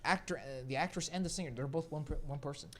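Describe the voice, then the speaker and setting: A man's voice: a little high, quick pace, fairly bright tone, a little hiss or hum. A man from Qatar, a podcast co-host in casual chat, who gives firm opinions and explains them at length.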